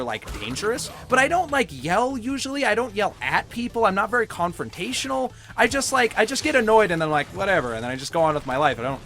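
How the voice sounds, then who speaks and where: A man's voice: high voice, a bit bright. A young adult man chatting casually while playing a game, telling a story animatedly and swearing freely. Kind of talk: casual chat while gaming.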